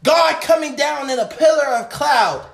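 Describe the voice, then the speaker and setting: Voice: high-pitched, unhurried, gravelly, reverberant. A preacher delivering an impassioned sermon, calling out to the congregation.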